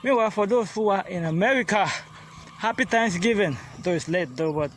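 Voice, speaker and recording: A man's voice: high-pitched, expressive, a little fast, slight background noise. Easygoing man vlogging on the street. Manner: easygoing and chatty, mixing in pidgin greetings. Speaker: language coach. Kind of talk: casual vlog lesson. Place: outdoors on a street, walking.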